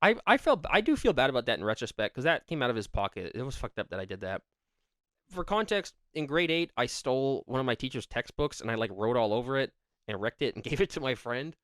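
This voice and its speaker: A man's voice: medium pitch, big pitch swings, a bit bright, no room sound, clean studio sound. Young man rambling through prank stories. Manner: rambling storyteller, quick laughs. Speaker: podcast co-host. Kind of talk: casual chat, reading advice aloud.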